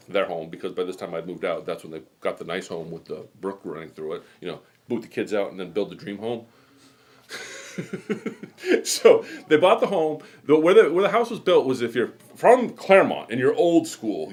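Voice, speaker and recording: A low-voiced middle-aged man from New England rambles his way through a casual live show. He chats loosely and keeps drifting off into stories. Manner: rambling, chatty storytelling. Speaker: host. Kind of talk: casual chat.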